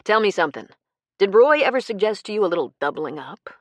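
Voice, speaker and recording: A woman voicing an adult male con man whose smooth charm turns cold and menacing, in an audiobook. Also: mid-range voice, big pitch swings, quick pace, dry recording, studio quality. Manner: fake charm turning cold and cruel.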